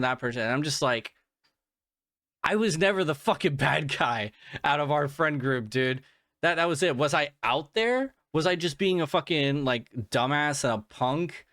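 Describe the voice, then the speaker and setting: A man's voice: medium pitch, a bit bright, dry recording, clean studio sound. A man hosting a solo podcast while sick and worn out, rambling and swearing with many restarts and fillers. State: sick and fatigued, yawning. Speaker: podcast host. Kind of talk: casual solo podcast monologue.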